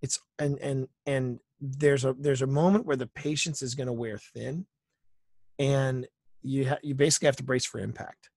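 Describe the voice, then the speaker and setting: A man's voice: medium pitch, vocal fry, no room sound, clean studio sound. A male guest on an interview podcast, telling workplace anecdotes in a casual way and often repeating phrases for emphasis. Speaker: author and entertainer guest.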